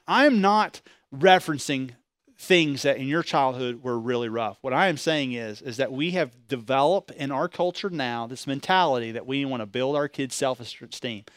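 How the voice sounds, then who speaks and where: A pastor preaching a sermon with animated delivery, asking the congregation rhetorical questions and pushing his voice up loud. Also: on the high side, normal speed, no room sound, studio quality.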